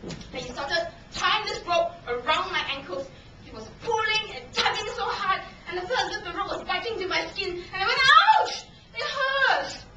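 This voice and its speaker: A woman in her thirties gives a dramatic storytelling speech at a contest, acting out scenes with shrieks and laughter in an extremely high, slightly fast voice. The recording comes from a distant camera in an echoey meeting hall and is noisy.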